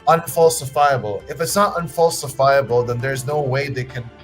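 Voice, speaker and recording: Faint music plays behind a man of medium pitch talking at normal speed on a roughly recorded livestream. As host, he argues casually, with plenty of restarts and a bit of swearing.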